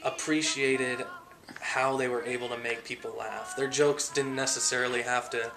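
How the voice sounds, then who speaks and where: A man explaining how he does voice impressions in a documentary narration, relaxed and full of pauses. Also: mid-range voice. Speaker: amateur impressionist. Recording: documentary draft with music behind.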